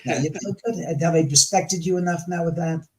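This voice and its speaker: Guy on a show telling a long story, animated, acts out what he said, swears a lot, a bit high voice. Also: a little fast, poor audio. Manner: animated, acts out his own past arguments; swears freely. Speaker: guest. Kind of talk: casual storytelling on a live show.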